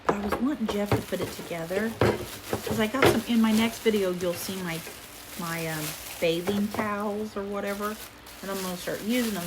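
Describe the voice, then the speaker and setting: Middle-aged woman, casual haul chat, goofy and rambling, mid-pitched voice. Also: steady tone, normal speed, heavy background noise. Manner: rambling, goofy, chatty with fillers; talking quietly at times. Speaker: vlogger. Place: home room, indoors.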